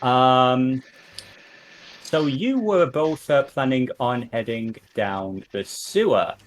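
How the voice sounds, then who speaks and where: A male game master narrating a tabletop session at a slow, relaxed pace. His voice sits mid-range, and he pauses often with fillers as he sets each scene. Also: medium pitch, slight background noise. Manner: unhurried, filler-heavy narration.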